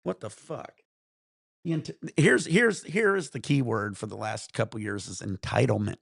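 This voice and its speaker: A man telling stories on his livestream in a casual, profane, animated rant. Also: mid-range voice, moderate pace, gravelly, no room sound, studio quality. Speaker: livestream host. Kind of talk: casual storytelling to stream chat.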